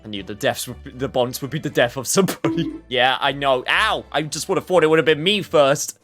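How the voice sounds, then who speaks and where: A male VTuber talking to his chat during a game stream, excitable and loud, yelping and protesting in mock outrage. His voice sits mid-range, with light music under it. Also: medium pitch, fairly quick. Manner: excitable, yelping, laughing, playfully complaining to chat. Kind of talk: live game stream banter.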